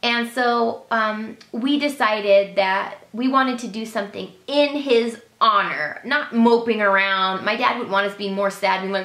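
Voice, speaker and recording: A woman's voice: medium pitch, normal speed, sharp tone. A woman talking to camera in an earnest, emotional, sincere way. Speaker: beauty vlogger. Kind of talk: heartfelt personal talk to camera. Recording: echoey room.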